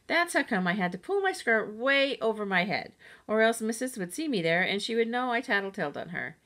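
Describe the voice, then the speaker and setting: A woman's voice: on the high side, fairly quick. Woman reading a children's audiobook. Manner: lively first-person storytelling. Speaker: audiobook reader.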